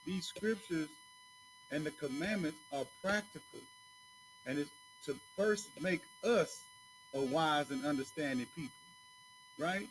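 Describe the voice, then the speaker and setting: A man's voice: high voice, huge pitch swings, a little slow, a little hiss or hum, low-quality recording. A man teaching scripture in a loose, conversational way, often checking that his listeners follow him and calling them brother. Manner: conversational, keeps asking "you know what I'm saying", calls listeners brother. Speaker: teacher at a religious school. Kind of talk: casual preaching to a small group.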